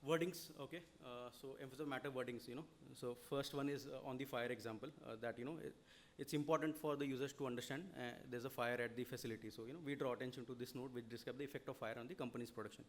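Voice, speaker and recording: A man with an Indian English accent delivers a seminar lecture at a very fast clip. His voice sits at a middle pitch, and he keeps his explanations rolling with frequent "you know" and checks of "okay?". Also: fairly even intonation. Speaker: lecturer on audit reporting.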